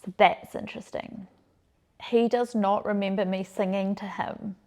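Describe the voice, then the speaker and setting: A woman's voice: medium pitch, fairly even intonation, moderate pace, a little mellow. Frank, playful New woman host. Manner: frank, playful, laughs easily. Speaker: podcast host, sexologist. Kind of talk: candid chatty storytelling.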